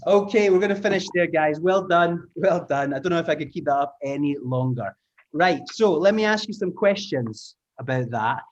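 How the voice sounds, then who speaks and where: A man teaching an online language lesson, lively and encouraging, explaining sounds patiently. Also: on the high side, moderate pace, dull audio. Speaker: teacher trainer. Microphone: video call.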